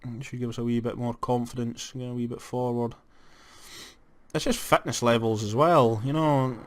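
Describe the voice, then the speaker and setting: A young Scottish man giving casual let's-play commentary on a football management game, moving from flat disappointment to excited shouts. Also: medium pitch, moderate pace. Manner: animated, jumps to excited shouts at goals. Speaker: gaming commentator.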